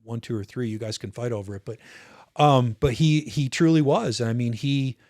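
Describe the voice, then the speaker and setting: A man's voice: mid-range voice, normal speed, a little mellow. Earnest man in his fifties reminiscing. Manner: earnest, reflective, frequent restarts. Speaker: podcast guest, retired officer. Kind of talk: casual interview storytelling.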